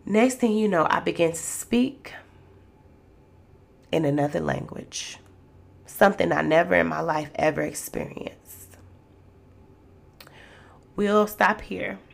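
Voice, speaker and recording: Host, female, fervent testimony delivery, slight vocal fry. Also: lowish voice, takes it slowly, pauses often. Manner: emotional, preacherly storytelling addressing listeners as y'all. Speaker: podcast host. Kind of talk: personal testimony.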